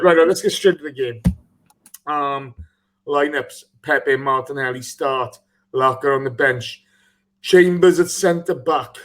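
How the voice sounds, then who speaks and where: A man hosts a casual live football podcast in a chatty, joking manner. His voice sits a little high, and he laughs easily as he talks. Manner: chatty, laughs often, reads out listener messages. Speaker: podcast host.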